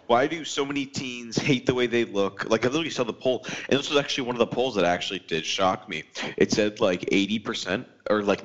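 A man's voice: on the low side, a bit bright, highs cut off. Opinionated teenage guy on a podcast. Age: teens. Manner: opinionated, talks things through with examples. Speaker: podcast guest. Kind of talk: casual chat.

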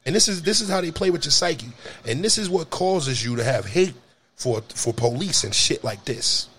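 A young adult man telling a story in casual talk, animated and profane, jumping to high shouts. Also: normal speed, breathy edge. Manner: animated, profane, jumps to high shouts when acting out scenes.

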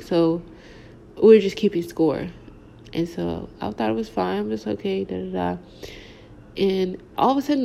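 A woman's voice: mid-range voice, vocal fry, mellow, a little hiss or hum. A young adult woman telling a casual storytime, rambling along with slangy filler words. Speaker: vlogger.

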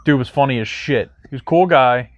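A man's voice: mid-range voice, fairly quick, lo-fi sound, slight background noise. A man in his twenties co-hosting a podcast, chatting casually with crude, laid-back banter. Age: 20s. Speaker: podcast co-host. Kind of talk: casual chat. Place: indoors.

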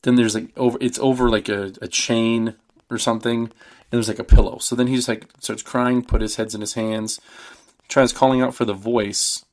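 A man's voice: medium pitch, flat delivery, moderate pace. A man hosting a podcast, casually retelling a horror film in a loose, rambling way full of "like" and "um". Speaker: podcast host. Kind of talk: casual movie recap.

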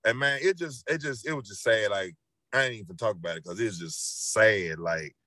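A middle-aged rapper from Memphis, Tennessee, appears as a guest in a casual interview, speaking with a Southern accent. He tells stories in an earnest, repetitive, preachy way. His voice is on the low side, pushed and bright, at normal speed, in a dry recording.

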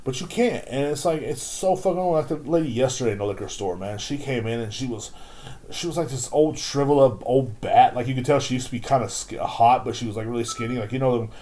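A man's voice: mid-range voice, quick pace, warm tone. A man hosting a podcast, telling a rambling, profane story about his job as a store clerk. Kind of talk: casual rant.

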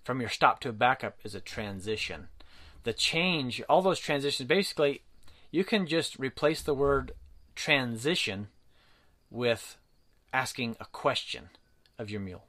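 Man, mid pitch, casual riding-clinic talk, folksy, rambling, lots of fillers. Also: animated, unhurried, a bit bright. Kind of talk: casual livestream talk to viewers.

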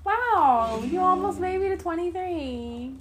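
Gaming at her home computer, a podcast co-host chats casually in an extremely high-pitched, slightly bright voice that is animated but slow-paced. She is exasperated, curses frequently and mocks herself, with slight background noise behind her.

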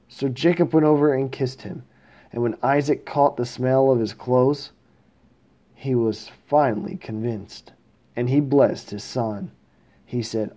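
A man reads scripture passages aloud at a steady pace. His voice is mellow and sits at a middle pitch. Now and then he stumbles and corrects himself. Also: unhurried. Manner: steady reading with occasional slips and self-corrections. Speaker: scripture reader.

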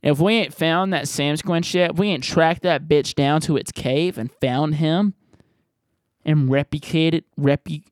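A man's voice: fairly high pitch, unhurried, dry recording, studio quality. A man hosting a podcast, answering voicemails in a rambling, profane, jokey way. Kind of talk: casual podcast chat.

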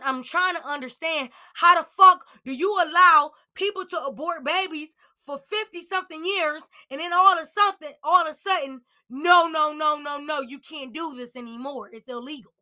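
A young woman hosting a podcast, ranting in anger, yelling and swearing. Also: sits high. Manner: yelling, heated, profane. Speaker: podcast host. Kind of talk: angry personal rant.

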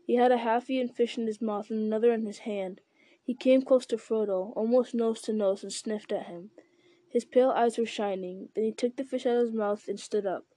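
Woman audiobook narrator, mellow and a touch high, dry close recording. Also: steady tone, brisk, no room sound. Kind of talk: scripted narration.

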